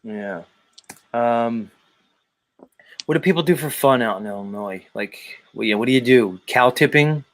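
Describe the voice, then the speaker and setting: A man's voice: mid-range voice, moderate pace, long pauses, fairly bright tone. A man hosting a livestream, chatting casually in a teasing, rambling way with many fillers. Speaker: host.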